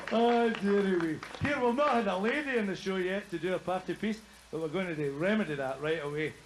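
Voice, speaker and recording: Scottish man, stand-up comic, high voice, chatty, laughs at own jokes, faint noise. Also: fairly bright tone, poor audio. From Scotland. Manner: chatty, jokey, laughs at his own gags. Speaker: stand-up comedian. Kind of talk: stand-up comedy routine on stage.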